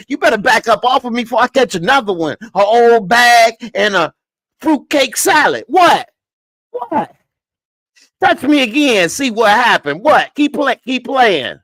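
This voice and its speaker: A man doing an impression of an angry young male street tough, shouting fast threats. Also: very high-pitched, sing-song, no echo, studio quality, voice pushed up, heavily acted. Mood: threatening.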